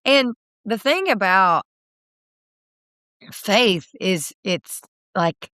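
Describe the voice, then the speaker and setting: A woman in her thirties, a singer guest in a candid interview, telling a personal story with many fillers and soft laughs. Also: medium pitch, lively intonation, very slow, dry recording, studio quality.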